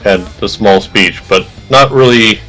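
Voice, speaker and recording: A man playing in a tabletop game, chatting casually in a relaxed, filler-laden way. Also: fairly low pitch, measured pace, soft background music, poor audio. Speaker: player.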